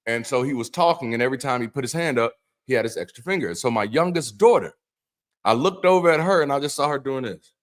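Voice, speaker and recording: A middle-aged man hosting an irreverent Bible commentary as an ex-pastor, talking in a profane, animated way that swings from mock-preacher solemnity to incredulous outbursts. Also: medium pitch, fast talker. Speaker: ex-pastor host.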